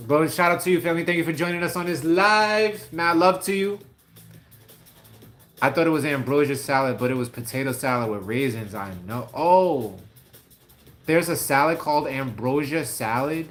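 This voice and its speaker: A man from New York City with a New York accent, hosting a casual livestream and chatting with viewers in lively slang. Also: mid-range voice. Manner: animated, slangy, laughs often, talks to viewers by name. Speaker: livestream host. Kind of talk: casual live chat reading comments.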